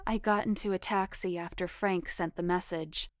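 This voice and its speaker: A woman reading a first-person erotic story aloud in a measured, intimate storytelling manner. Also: fairly low pitch, steady tone, no echo, studio quality. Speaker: story reader.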